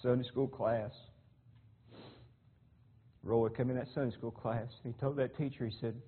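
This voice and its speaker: A man's voice: mid-range voice, fairly even intonation, measured pace, a little hiss or hum. A man preaching a sermon through a long story, fervent and folksy, often repeating words as he goes. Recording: tinny phone-like sound.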